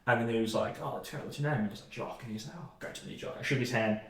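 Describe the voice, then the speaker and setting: A man's voice: medium pitch, very fast, fairly bright tone. Rambling man in echoey room. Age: young adult. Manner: rambling storyteller, many fillers and restarts. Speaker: podcast co-host. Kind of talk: casual chat.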